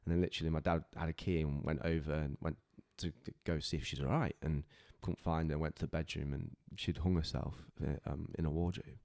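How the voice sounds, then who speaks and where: A man's voice: very deep voice, level tone, a little fast, gravelly, few pauses, a little mellow. A man, a podcast guest telling a personal story in an earnest, heartfelt way, often stopping and restarting his sentences.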